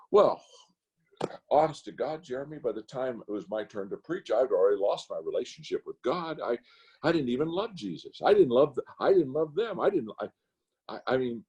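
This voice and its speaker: An older man speaks as a pastor in a roundtable conversation. His voice is husky and mellow, with a very lively pitch that leaps high when he gets worked up. He preaches through anecdotes. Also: brisk. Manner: animated, rising to high emphatic rants. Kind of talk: roundtable talk, preacherly storytelling. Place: video call.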